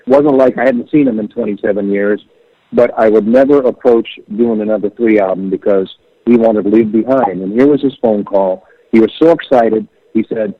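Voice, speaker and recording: A middle-aged man, a musician, telling stories in an animated way over a phone call and acting out the voices he quotes. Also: on the low side, normal speed, dry recording. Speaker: musician guest. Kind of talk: storytelling interview over the phone. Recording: tinny phone line, dry.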